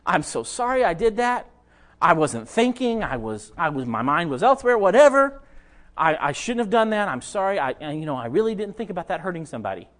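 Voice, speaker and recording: Man playing a flustered churchgoer, stammering apology, high lively voice. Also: a little fast. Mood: apologetic.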